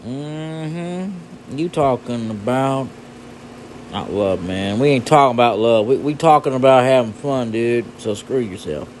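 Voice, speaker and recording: A man's voice: mid-range voice, normal speed, slight background noise. A man rambling goofily over a puzzle game, talking to himself and humming nonsense. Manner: goofy, rambling, hums nonsense tunes. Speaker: gaming channel host. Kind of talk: casual gameplay commentary.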